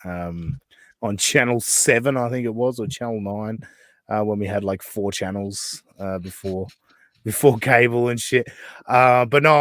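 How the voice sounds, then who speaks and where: A man's voice: lowish voice, fairly bright tone, dry recording. Aussie guy hosting a podcast, rambly, laughs a lot, dry close sound. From Australia. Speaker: podcast co-host. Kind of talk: casual chat. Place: live podcast studio.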